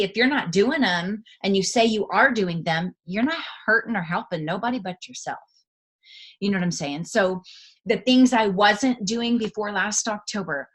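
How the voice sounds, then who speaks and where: A woman's voice: medium pitch, fairly bright tone. Chatty, emphatic woman giving a pep talk. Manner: chatty, emphatic, folksy, laughs often. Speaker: network marketing team leader. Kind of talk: motivational talk.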